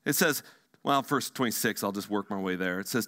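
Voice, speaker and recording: Bright-voiced male pastor preaching. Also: on the low side, fairly quick. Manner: animated preaching, swings from emphatic to hushed. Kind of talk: sermon. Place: church sanctuary.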